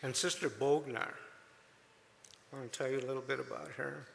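A man giving a chatty, emotional testimony to a congregation, with many fillers and gentle jokes. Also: medium pitch, fairly even intonation, a little fast, creaky, big-room sound, a little hiss or hum. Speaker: church volunteer speaking to a congregation.

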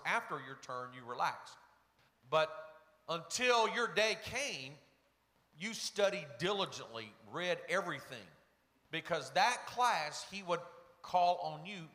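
High, bright-voiced preacher in a reverberant hall. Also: male voice. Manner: earnest storytelling, quotes people in varied voices. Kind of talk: sermon. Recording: long reverb of a large hall.

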